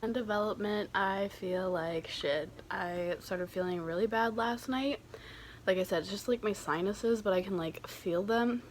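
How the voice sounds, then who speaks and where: A young woman vlogs from home with a hoarse, raspy, half-lost voice. She talks casually and mocks herself dryly, often trailing off. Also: medium pitch, unhurried, a little hiss or hum. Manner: casual, self-mocking, trailing off. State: hoarse, losing her voice. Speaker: vlogger. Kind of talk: casual vlog chat.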